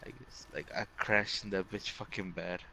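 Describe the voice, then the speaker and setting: A man's voice: low voice, moderate pace, gravelly, pushed and bright, slight background noise, low-quality recording. A young man telling rambling childhood stories to friends in casual chat, full of swearing and fillers. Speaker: storyteller among friends.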